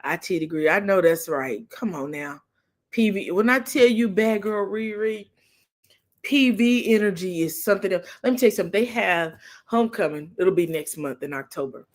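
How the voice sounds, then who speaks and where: A middle-aged woman, hosting a casual livestream chat, telling animated stories and laughing often. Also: mid-range voice, moderate pace. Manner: animated storytelling, laughs often, acts out her daughter's lines. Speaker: livestream talk show host. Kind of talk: casual chat with live chat viewers.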